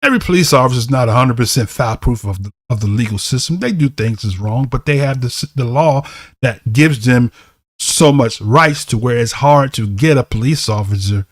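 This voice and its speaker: A man's voice: mid-range voice, expressive, moderate pace, dry recording, clean studio sound. A man teaching a bible lesson, reading verses aloud and explaining them, often asking "right?" to check in with listeners.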